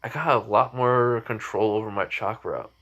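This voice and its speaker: A man's voice: fairly low pitch, fairly even intonation, moderate pace, fairly bright tone, slightly rough. A man voicing an annoyed, blunt teenage boy ninja in demon form, in a casual fan retelling.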